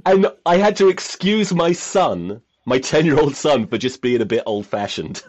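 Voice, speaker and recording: A man's voice: a little high, animated, moderate pace, few pauses, darkish tone. A man hosting a podcast, telling rambling, self-mocking stories in casual chat and swearing freely. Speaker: podcast host.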